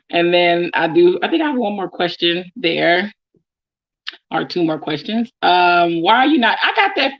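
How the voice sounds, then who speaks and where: On dull audio, a young woman with a voice on the low side talks casually to camera. She's from Oakland and carries a Bay Area accent, and as she responds to follower questions she laughs often and drops plenty of ums.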